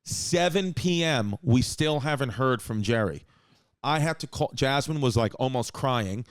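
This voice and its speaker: A man hosting a comedy podcast, telling stories in quick bursts with restarts. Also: medium pitch, animated, smooth, no echo, studio quality. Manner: rapid storytelling with restarts and acted quotes. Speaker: podcast host. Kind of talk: casual comedic chat.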